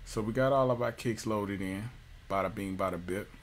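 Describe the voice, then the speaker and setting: A man giving a casual music software tutorial, loose and jokey, with slang and lots of fillers. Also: on the low side, moderate pace, a little hiss or hum. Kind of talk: casual screen-recorded tutorial.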